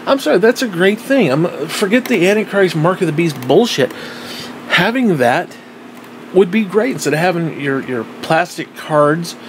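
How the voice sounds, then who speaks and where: A man's voice: high-pitched, lively intonation, moderate pace, slight background noise. A man giving a blunt, profane monologue, repeating himself insistently and recording himself on a tablet. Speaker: vlogger. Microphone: tablet microphone.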